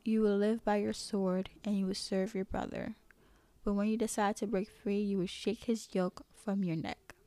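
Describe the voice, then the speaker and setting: A woman's voice: medium pitch, little pitch movement, normal speed, mellow, close to an everyday voice. A woman reading an aged patriarch's solemn blessing.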